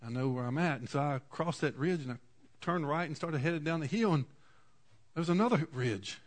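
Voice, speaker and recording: A man, preaching a sermon in a folksy storytelling way, moving from quiet asides to loud cries. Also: fairly high pitch, lively intonation, normal speed. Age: 40s. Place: church.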